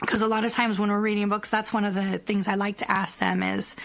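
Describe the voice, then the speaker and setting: Gravelly-voiced woman preschool teacher. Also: mid-range voice, flat delivery, a little fast, hardly any pauses. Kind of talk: interview about classroom practice.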